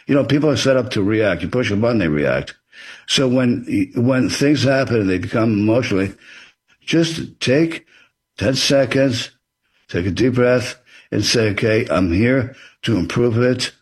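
Husky-voiced man giving earnest advice. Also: mid-range voice, expressive, normal speed. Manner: earnest and advisory, acts out example dialogue. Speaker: author and interview guest. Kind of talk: explanatory interview talk.

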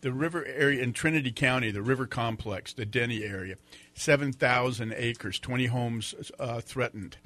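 A man's voice: mid-range voice, normal speed, pushed and bright. Chatty male morning radio host. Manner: joking, chatty, reads fire reports with fillers. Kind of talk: casual morning radio banter. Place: radio studio. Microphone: studio microphone.

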